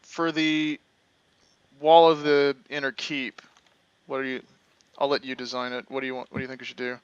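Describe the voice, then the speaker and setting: A man's voice: medium pitch, completely flat delivery, normal speed, clear, resonant tone, no echo, muffled recording. A man chatting casually while gaming, agreeable and hesitant as he plans a build. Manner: agreeable, hesitant when planning. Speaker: Minecraft let's play co-host.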